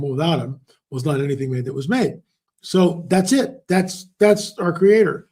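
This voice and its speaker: Here a man's slightly high, dark-toned voice belongs to an interview guest who works as an author and researcher. Conversing with his interviewer, he tells stories emphatically and repeats words to drive points home.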